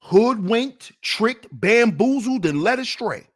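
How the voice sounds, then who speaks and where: On his livestream, a man preaches in heated commentary, asking rhetorical questions and veering from loud challenges to muttered sarcasm. His pitch is extremely high, his delivery animated, and he takes it slowly.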